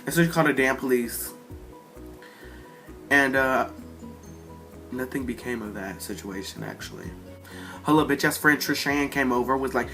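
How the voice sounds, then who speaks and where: A man's voice: mid-range voice, moderate pace, soft background music. Profane teenage boy ranting a storytime. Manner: profane, animated storytelling with quoted voices. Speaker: vlogger. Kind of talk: storytime vlog rant.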